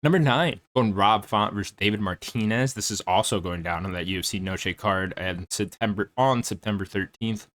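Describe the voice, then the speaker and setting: A young man rambles through a casual fight preview, full of "uh"s and the odd curse word. His voice sits low but has a crisp, forceful edge. The sound is dry and close, with no room around it. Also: moderate pace, few pauses, no echo. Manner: laid-back, rambling, lots of fillers and mild swearing. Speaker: MMA commentary YouTuber.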